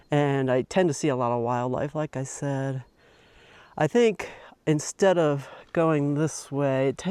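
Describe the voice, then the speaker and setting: A woman's voice: extremely low pitch, darkish tone. A middle-aged woman chats loosely as she hikes a mountain trail, trailing off and restarting her sentences. The sound is dry and close, with almost no reverb. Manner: chatty and rambling, with many fillers and restarts. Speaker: hiking vlogger. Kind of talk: casual narration while hiking.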